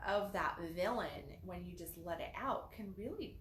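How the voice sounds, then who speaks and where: A woman hosts a casual self-development conversation. She sounds bright and lively and slips into little acted voices for the things people say. The room around her is echoey. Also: medium pitch, moderate pace, a little hiss or hum. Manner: animated, acts out quoted phrases in changed voices.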